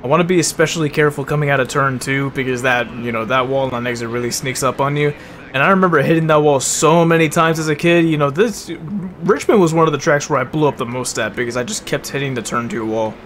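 A young man giving casual commentary while playing a racing game, full of bro and swearing, sometimes flaring into loud angry rants. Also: mid-range voice, fast talker, slight background noise. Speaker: gaming video host.

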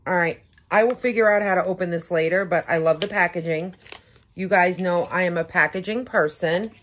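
A young woman beauty vlogger unboxing makeup in a casual vlog, gushing with excitement and gasping over each item. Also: fairly low pitch, fairly quick. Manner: gushing, breathless excitement with frequent gasps.

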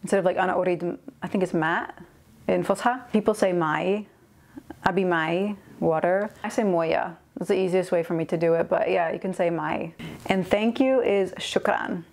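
A woman's voice: on the low side, fast talker, gravelly, a little mellow. A woman giving a casual lesson on slang words, switching back and forth between languages as she explains each phrase. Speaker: language teacher.

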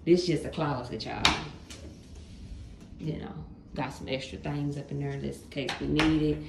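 A woman's voice: deep voice, steady tone, moderate pace, gravelly, heavy background noise. A woman in her late twenties chatting casually and straight to her viewers, with loose folksy slang. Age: late 20s. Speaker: vlogger.

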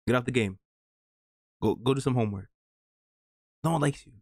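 A young man giving slangy, animated reaction commentary into his camera, swinging from mock outrage to high squeals. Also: moderate pace, no room sound, clean studio sound. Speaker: meme video creator.

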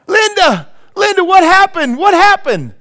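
A man doing a shrill wailing asylum inmate. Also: very animated, a little slow, pushed and bright, full character voice. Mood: anguished. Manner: frantic repeated wailing.

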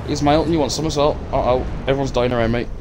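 A man's voice: mid-range voice, fairly even intonation, very fast, background noise. A man streaming a game live, swearing freely, bantering and taunting his opponents. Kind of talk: live gameplay commentary.

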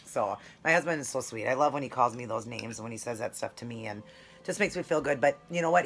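A woman chatting casually in a food vlog, talking in a rambling, affectionate way while eating. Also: low-pitched. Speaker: keto food vlogger.

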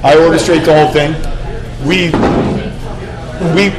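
A man's voice: a little high, fairly even intonation, unhurried, background noise. A man from Philadelphia hosting a casual chat in a bar, rambling with lots of fillers and restarts. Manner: rambling, hesitant, many fillers. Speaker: host. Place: crowded bar. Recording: loud crowd chatter behind.

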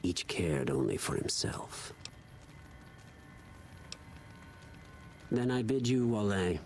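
An actor playing a cruel Legion officer who lectures in a measured, contemptuous way, in a video game. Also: male voice, on the low side, sing-song, slight background noise. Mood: scornful. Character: cold cruel Legion officer, stern older man.

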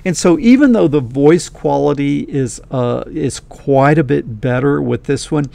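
Man with a gravelly voice, friendly coding teacher addressing viewers directly, casual and upbeat. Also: on the high side, measured pace, dark tone. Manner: folksy, enthusiastic, talks straight to viewers. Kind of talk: casual screen-recorded lesson.

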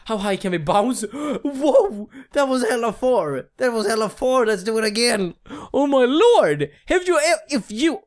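A woman giving gameplay commentary, excitable, shrieking and swearing often. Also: a little high, a little slow. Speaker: let's play gamer.

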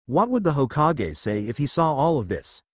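A man's voice: medium pitch, very animated, normal speed, no echo, studio quality. A man voicing a cruel, scheming male ninja who addresses a mob, in a fan fiction reading.

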